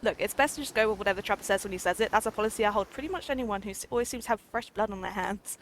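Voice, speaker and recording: A woman's voice: medium pitch, racing, a little hiss or hum. A woman streaming a dating game, reading the lines aloud and reacting with giggles and silly attempts. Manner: giggly, excitable, trying out silly accents.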